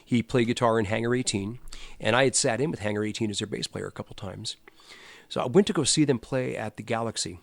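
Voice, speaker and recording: A man, a guest musician, telling animated stories in a casual chat. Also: lowish voice, fast, vocal fry, no room sound. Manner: animated storyteller, acts out quotes.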